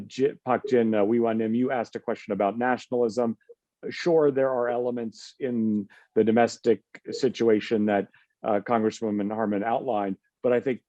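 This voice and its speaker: A man on a policy panel, speaking in a measured way with many fillers and restarts. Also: on the low side, mellow, no echo, lo-fi sound.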